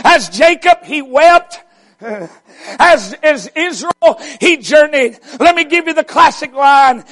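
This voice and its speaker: A man preaching a revival sermon, shouting and stretching out his words for emphasis. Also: extremely high pitch, lively intonation. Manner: shouting, drawn-out emphatic delivery.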